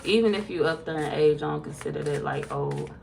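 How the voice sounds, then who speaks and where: A woman tarot reader casually chatting with viewers on a livestream, reading their comments aloud, laid-back and quick to laugh. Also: low-pitched, creaky, darkish tone, a little hiss or hum.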